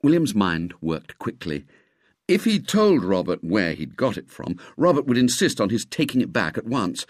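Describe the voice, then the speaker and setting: A man reading a children's story aloud with expressive, lively narration. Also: on the low side, normal speed, no room sound, studio quality.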